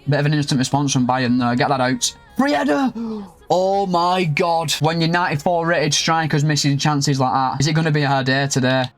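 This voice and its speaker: A young man giving lively play-by-play of a football game and calling out to his viewers as lads and boys. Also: medium pitch, fast, hardly any pauses, faint music behind. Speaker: gaming YouTuber. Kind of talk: excitable football game commentary.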